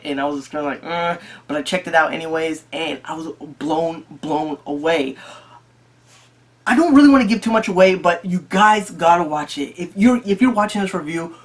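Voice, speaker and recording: An eager movie reviewer chatting straight to the audience in a casual vlog. The delivery is excitable, with frequent restarts and doubled words. Pitch sits in a middle range. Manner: excitable, repeats and restarts phrases.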